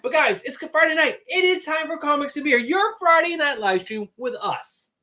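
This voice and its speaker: A man with a strikingly high, lively voice that swoops up and down as he co-hosts a casual livestream. He is upbeat and jokey and laughs easily, heard through a webcam mic. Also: normal speed. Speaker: co-host of a livestream show.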